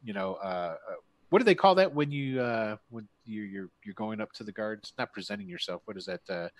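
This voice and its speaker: A man's voice: on the low side, animated, no room sound. Dry-voiced man running a tabletop game. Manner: halting, many fillers and restarts while describing scenes. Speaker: game master.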